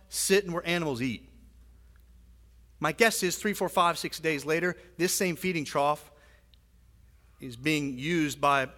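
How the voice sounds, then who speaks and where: Male pastor, high voice, chatty sermon full of asides, long hall reverb in a church. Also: fairly bright tone. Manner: conversational, frequent asides and "right?" tags. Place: church sanctuary.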